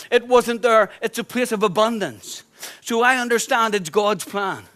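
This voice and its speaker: A pastor preaching with a notably high voice for a man. He is emphatic and conversational, driving points home by repeating phrases. Dry humorous asides are mixed into the sermon. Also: fairly bright tone.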